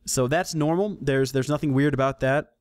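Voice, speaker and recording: A man's voice: medium pitch, moderate pace, darkish tone, clean tone. A man hosting a casual solo podcast, rambling, self-correcting and joking as he goes. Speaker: podcast host.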